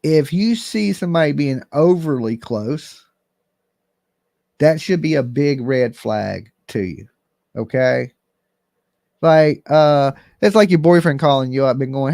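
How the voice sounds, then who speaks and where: A man's voice: on the high side, expressive, a little slow, creaky, darkish tone, no room sound, studio quality. A man hosting a live call-in commentary stream, talking bluntly and emphatically straight to his viewers. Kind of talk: casual livestream commentary.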